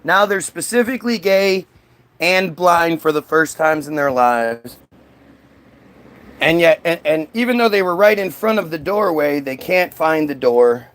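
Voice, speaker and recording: A man who spins a comic story in loose, rambling style with a slightly high voice. His telling is casual and profane, with filler asides. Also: lively intonation, a little slow, fairly bright tone.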